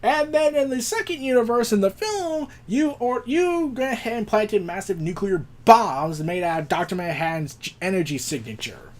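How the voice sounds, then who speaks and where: A man's voice: high voice, expressive, normal speed, few pauses. A man recapping a comic book issue in casual commentary, acting out the quotes and adding sarcastic asides. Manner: retells the plot, acts out quotes, adds sarcastic jokes.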